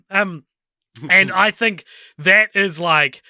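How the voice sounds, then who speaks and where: A man in his thirties co-hosting a casual film podcast, animated and swearing freely, full of fillers and restarts. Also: high-pitched, very slow, no room sound. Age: 30s. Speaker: podcast co-host. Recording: dry close-mic podcast sound.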